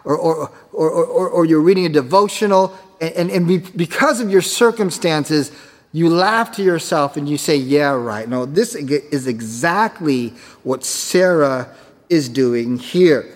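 A man's voice: on the high side, a little slow. Man preaching in an echoey hall. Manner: emphatic preaching with rhetorical questions. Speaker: pastor. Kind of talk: sermon. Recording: echoey hall with long reverb.

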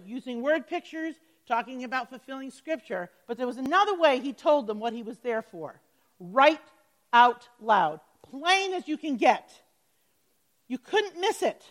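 A woman's voice: high-pitched, poor audio. A woman Bible teacher giving a conversational teaching with prayer, chatty and checking in with her listeners.

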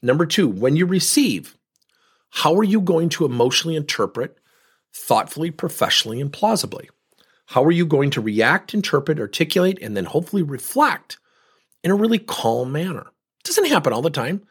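Animated husky-voiced male coach. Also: on the high side, a little fast. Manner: animated, rhetorical questions, acts out quoted voices. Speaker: leadership coach and podcast host. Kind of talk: solo coaching talk.

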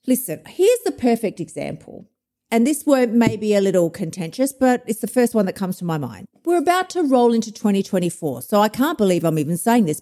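A woman's voice: mid-range voice, mellow. A woman hosting a podcast as an emotional eating coach, giving a blunt, profane, fired-up tough-love pep talk. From Australia. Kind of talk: motivational podcast monologue.

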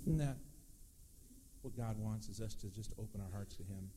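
Man preaching a lively sermon. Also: lowish voice, moderate pace, noisy background. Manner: lively preaching, acts out prayers and quoted voices. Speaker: pastor.

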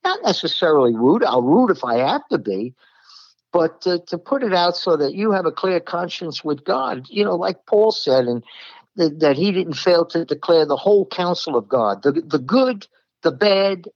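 Blunt, animated preacher man. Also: a little high, normal speed, no room sound, highs cut off. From New York. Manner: blunt, emphatic, plain-spoken. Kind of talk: Bible teaching sermon.

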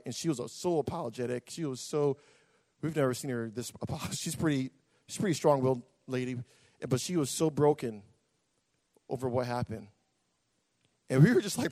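A man preaching a testimony with passion and repetition, dropping to a hush and rising to a shout. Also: mid-range voice, moderate pace, pauses often. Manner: impassioned, repetitive, swings from hushed to shouting. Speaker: pastor. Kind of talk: sermon testimony. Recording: long reverb of a large hall.

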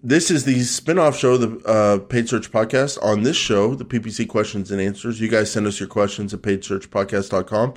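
A man's voice: on the low side, steady tone, moderate pace, few pauses. A man hosting a podcast in casual chat, teasing his co-host and joking around. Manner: joking, teasing, loose and chatty.

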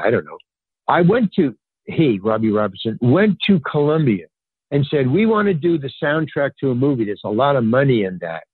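Older man, guest storyteller, husky, animated, phone-quality audio, dry. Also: no echo. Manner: animated, acts out quoted dialogue with pitch jumps; rambling, filler-heavy, restarts sentences. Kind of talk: casual anecdotal storytelling. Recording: tinny phone-line sound, dry.

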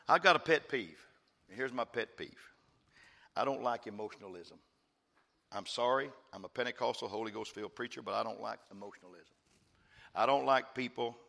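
A man preaching a fervent sermon as pastor, repeating phrases and swinging from quiet asides to loud praise. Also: medium pitch, big-room sound. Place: church.

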